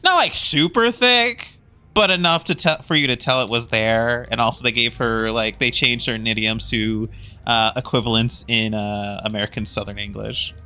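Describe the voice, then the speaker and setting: A man's voice: mid-range voice, moderate pace, sharp tone, clean tone, soft background music. A man streaming a video game, chatting casually, laughing often and swearing freely. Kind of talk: casual livestream chat.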